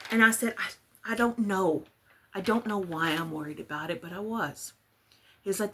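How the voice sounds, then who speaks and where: A woman's voice: lowish voice, moderate pace, pushed and bright, breathy edge. A woman from Texas, chatting casually and rambling as she works on a craft project. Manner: chatty, rambling, self-deprecating. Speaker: crafting vlogger. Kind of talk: casual chat while crafting.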